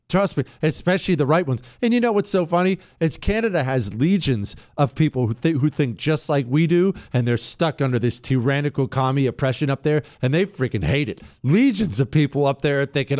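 A man hosting a talk radio show, sarcastic and chatty, often jumping into a mocking high pitch. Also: darkish tone, no room sound, clean studio sound. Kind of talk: casual talk radio commentary.

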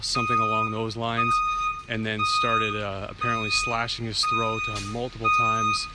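A male TV news reporter outside a courthouse, out of breath and halting, with many fillers. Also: on the low side, level tone.

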